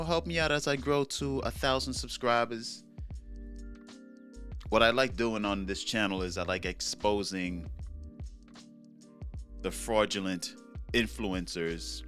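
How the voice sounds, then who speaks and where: A man's voice: low voice, a bit bright. A young man with a New York accent hosting a solo commentary show, laid-back and slangy, stretching out words for emphasis. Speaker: commentary channel host.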